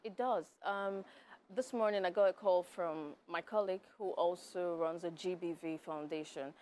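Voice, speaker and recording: A woman guest on a TV interview, speaking softly and hesitantly with many fillers. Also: lowish voice, moderate pace, slight background noise. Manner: soft-spoken, hesitant with fillers. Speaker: filmmaker and advocate guest. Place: TV studio.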